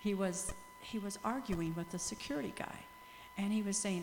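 A woman's voice: mid-range voice, fairly quick. Older woman in an echoey hall. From USA or Canada. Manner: animated, laughing storyteller, praising God often. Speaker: missionary speaker. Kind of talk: testimony talk to a church group. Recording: echoey hall with faint hum.

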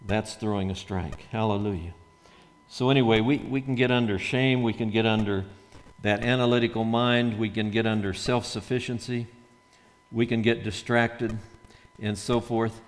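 A male pastor delivers a sermon in church at an ordinary middle pitch. His talk is conversational, full of restarts, and he slips into the voices of the people he quotes. Long reverb from the large hall trails each phrase. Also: fairly even intonation, moderate pace. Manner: conversational, repeats words, acts out quoted voices.

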